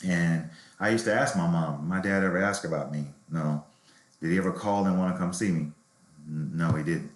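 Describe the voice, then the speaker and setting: A middle-aged man with a low voice tells a personal story candidly and reflectively. His voice carries a roomy echo, as in an interview recorded in an open room. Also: moderate pace. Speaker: novelist guest.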